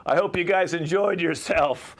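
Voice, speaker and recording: A man's voice: on the high side, normal speed. A male host cheerfully wrapping up an online improv show over a video call. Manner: upbeat, casual. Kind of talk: show wrap-up. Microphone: home video call.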